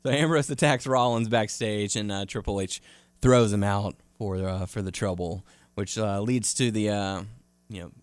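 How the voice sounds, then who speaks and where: A man's voice: lowish voice, moderate pace, clean tone, dry recording. A young man with a mid-range voice recaps wrestling shows at an easy pace, leaning on fillers and laughing along. His voice sounds dry and close to the mic. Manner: laid-back, recaps with fillers, laughs often. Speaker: podcast co-host.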